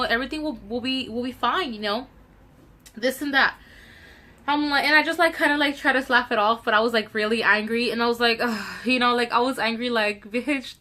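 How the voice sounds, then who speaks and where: A young woman tells a storytime for her vlog in a bright, forward voice. She retells the encounter with indignation and acts out the other people's lines. Her speech is casual and full of swearing. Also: mid-range voice. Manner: animated, indignant retelling with quoted dialogue. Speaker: vlogger.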